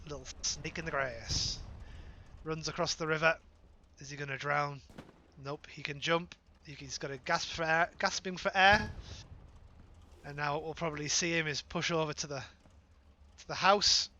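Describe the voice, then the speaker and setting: A British man giving live play-by-play commentary on an online shooter match, playful, with joking asides and quick self-corrections. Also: on the high side, steady tone, bright, forceful tone. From Britain. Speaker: esports caster.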